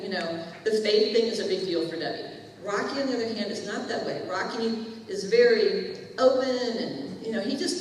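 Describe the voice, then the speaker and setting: A woman's voice: medium pitch, slight background noise. A woman telling a personal testimony to a church audience, chatting in a storytelling way and acting out the lines people said. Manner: chatty storytelling, acts out quoted dialogue. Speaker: church speaker. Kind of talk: testimony to a congregation. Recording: echoey hall, distant mic.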